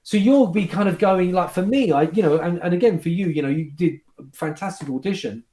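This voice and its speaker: Man, magician guest, casual chat, animated storytelling, echoey room. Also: sits high, brisk. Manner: animated storyteller, restarts and fillers. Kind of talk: casual chat recounting anecdotes.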